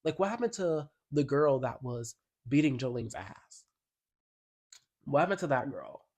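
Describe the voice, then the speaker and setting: In his laid-back album review vlog, a music commentator speaks in a sing-song, unhurried way, his mid-range voice darkish in tone. He's sassy, slangy, and emphatic, and reads out song lyrics now and then.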